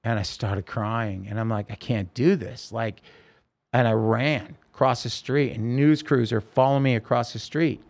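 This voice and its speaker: A man with a gravelly, creaky edge to his voice tells a story as a podcast guest. He speaks in halting bursts, restarting and correcting himself often. His pitch sits in an ordinary middle range. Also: fairly even intonation. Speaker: interview guest. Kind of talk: emotional personal storytelling.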